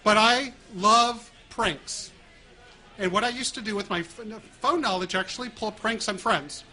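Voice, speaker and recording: A middle-aged American man telling stories in a lively way, acting out prank calls and laughing along. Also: high-pitched, measured pace. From United States. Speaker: guest speaker. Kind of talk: storytelling talk.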